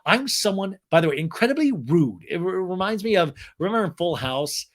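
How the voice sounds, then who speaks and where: A man's voice: high-pitched, brisk. Chatty guy dishing reality tv drama, voice all over the place, loads of energy. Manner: gossipy, animated storytelling. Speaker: podcast host. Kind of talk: comic recap of a reality show.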